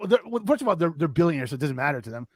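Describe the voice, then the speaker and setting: Fast-talking high-voiced man riffing. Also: big pitch swings. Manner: rapid, filler-heavy, riffing with lots of "like". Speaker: podcast co-host. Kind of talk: casual chat.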